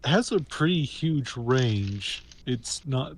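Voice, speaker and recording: A man's voice: mid-range voice, animated, slow. Hesitant man playing a tabletop game. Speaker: player. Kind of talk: casual tabletop game chat.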